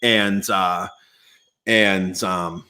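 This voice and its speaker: A man hosting a casual live-stream Q&A from an indoor desk mic, chatty and relaxed, with many fillers and restarts. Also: deep voice, very slow, clear, resonant tone. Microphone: external mic at home computer.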